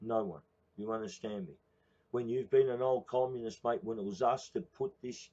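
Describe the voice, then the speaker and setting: A man's voice: mid-range voice, moderate pace, darkish tone, lo-fi sound. Blunt swearing Australian man ranting. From Queensland, Australia. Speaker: protest movement speaker. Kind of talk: profane ranting address to viewers.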